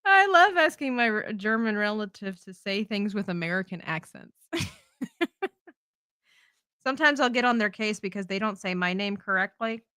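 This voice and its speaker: A woman's voice: medium pitch, expressive, moderate pace, sharp tone, clean tone, no room sound. A woman chatting and laughing as she teaches drawing on a live stream. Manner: chatty, laughs often, teasing.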